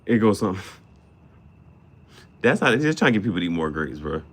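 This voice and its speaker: Very animated and fast, this vlogger rambles casually through a slangy, swear-filled monologue, jumping from topic to topic. He laughs often, and sudden outbursts send his voice shooting high.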